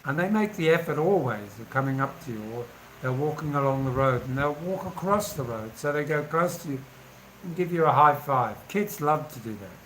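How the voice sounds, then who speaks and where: A man's voice: on the high side, expressive, fairly quick, a bit bright, a little hiss or hum, poor audio. Chatty man in his sixties. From England. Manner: chatty, laughs while telling anecdotes. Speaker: vlogger. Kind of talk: casual storytelling.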